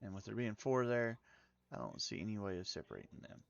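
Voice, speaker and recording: A man's voice: lowish voice, very animated, brisk, creaky, no echo, muffled recording. A man with a Tennessee accent, streaming a game and muttering his way through it while chatting to viewers. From Middle Tennessee, US. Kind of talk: casual live game commentary.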